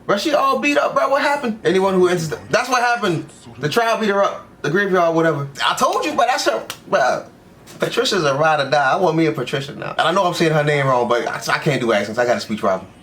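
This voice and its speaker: A young man hosting an anime reaction, talking back at the screen in loose, slangy, excitable commentary. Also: on the high side, quick pace.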